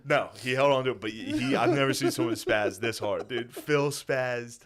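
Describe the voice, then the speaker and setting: A young man co-hosting a podcast in casual chat, telling animated stories and acting out his family, swearing freely. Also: mid-range voice, moderate pace. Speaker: podcast co-host.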